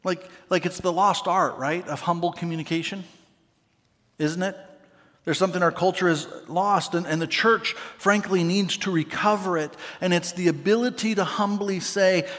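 Earnest pastor preaching in a reverberant hall. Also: male voice, high-pitched, fairly even intonation, moderate pace. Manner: earnest, building to emphatic then dropping soft and quiet for prayer. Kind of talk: sermon. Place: large church hall with balcony.

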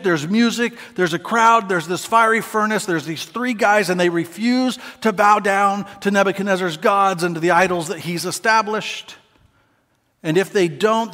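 A man preaching a sermon as pastor, conversational and animated, with playful asides to the congregation. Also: high-pitched. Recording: long hall reverb.

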